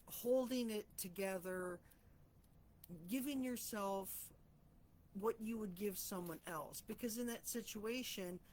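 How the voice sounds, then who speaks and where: A woman's voice: mid-range voice, slow pace, a little mellow, a little hiss or hum. A woman hosting a personal reflection talk, speaking in a heartfelt, rambling, self-searching way. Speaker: host of a reflection channel.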